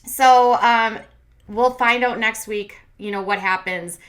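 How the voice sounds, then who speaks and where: A woman's voice: a little high, fairly even intonation, takes it slowly, a bit bright. A woman in her thirties hosting a casual reality TV recap, sassy and blunt, mocking the cast in put-on voices. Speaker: commentary channel host.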